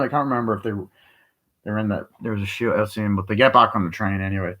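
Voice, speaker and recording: A man's voice: lowish voice, fairly even intonation, fast, noisy background. A man giving a casual spoken film review, rambling with lots of fillers and casual swearing. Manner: rambling, swears freely, retells scenes with heavy fillers. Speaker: movie reviewer.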